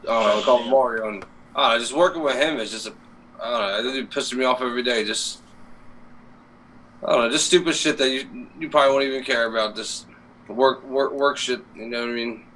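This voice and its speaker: Brisk and medium-pitched with a fairly bright tone, this co-host rambles through a casual live stream, cursing and packing his talk with fillers. He's recorded on a distant mic with faint noise.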